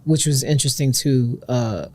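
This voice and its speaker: A man with an ordinary mid-range voice, co-hosting a podcast in a relaxed, personal conversation. He listens supportively, chiming in with quick affirmations and sharing his own experiences in turn. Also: mid-range voice. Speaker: podcast co-host. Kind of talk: casual heart-to-heart chat.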